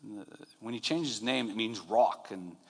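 A man preaching a sermon in a relaxed, conversational way, retelling scenes and acting out quotes. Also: fairly low pitch, normal speed, slightly rough. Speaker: pastor. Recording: long hall reverb.

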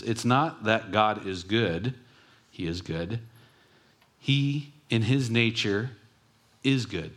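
A male preacher delivering a sermon in a somewhat low voice. He speaks earnestly and often sinks to a near-hush to stress a point. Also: takes it slowly, pauses often. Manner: earnest, drops to a soft hush on key words. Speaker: pastor.

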